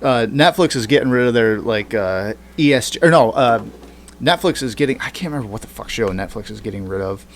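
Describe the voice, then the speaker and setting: A man hosting a casual podcast, rambling and profane, thinking through figures out loud. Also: mid-range voice, expressive, brisk, slight background noise. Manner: rambling, profane, works through numbers aloud. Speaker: podcast host.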